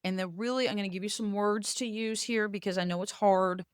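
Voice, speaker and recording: A woman's voice: mid-range voice, steady tone, brisk, smooth, no echo, clean studio sound. A woman with a light coastal Virginia accent, talking as a host in an emphatic, preachy, frank way and swearing casually as she coaches on leadership. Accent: light coastal Virginia Southern. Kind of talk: motivational talk to camera.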